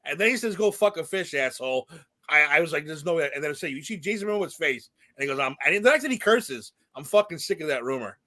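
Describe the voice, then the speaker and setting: A man co-hosting a podcast, chatting casually and excitedly retelling his reactions with lots of swearing. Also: a little high, fast talker. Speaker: podcast co-host. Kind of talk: casual chat.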